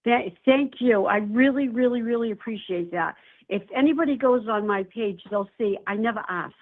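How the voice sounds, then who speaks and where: A woman's voice: a little high, moderate pace. Older woman on a tinny phone line. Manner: affectionate, calls people honey and darling. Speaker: animal rescue nonprofit founder. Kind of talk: casual phone chat.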